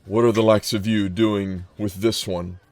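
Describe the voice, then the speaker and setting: A man voicing an ancient, stern male unicorn who speaks slowly and solemnly in a tabletop game. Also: on the low side, little pitch movement, darkish tone, no echo, faint music behind. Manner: slow, solemn, measured. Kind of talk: tabletop game role-play.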